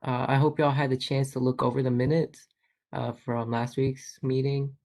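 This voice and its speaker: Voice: medium pitch, level tone, moderate pace, a little mellow. A meeting chair casually running a student senate meeting over a video call. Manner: casual, chatty presiding.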